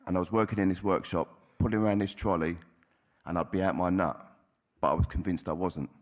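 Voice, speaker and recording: A deep-voiced man, a recovering addict, shares his personal testimony at a convention in a steady, brisk tone. He is blunt and plain-spoken, swearing freely and often.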